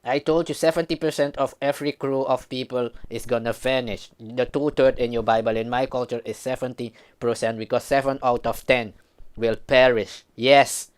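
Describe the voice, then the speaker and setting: A man's voice: mid-range voice, steady tone, normal speed, clear, resonant tone. A man from Suriname, giving a heated, emphatic commentary vlog.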